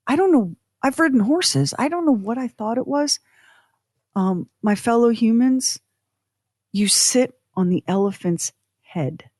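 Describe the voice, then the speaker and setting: A woman co-hosting a podcast, telling a personal story in an animated, self-deprecating way with acted-out quotes. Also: mid-range voice, no room sound, studio quality. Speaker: podcast co-host.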